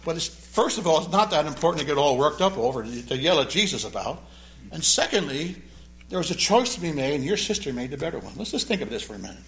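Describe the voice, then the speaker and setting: A man's voice: fairly high pitch, quick pace. A man preaching a sermon with a joking, storytelling delivery and asides on the original Greek. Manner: animated, joking storyteller who explains the Greek. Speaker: pastor.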